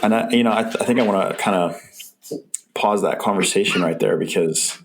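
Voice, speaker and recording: A man's voice: fairly low pitch, fairly quick. A man hosting a podcast interview, speaking in a conversational, encouraging way. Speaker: podcast host. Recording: noisy podcast recording.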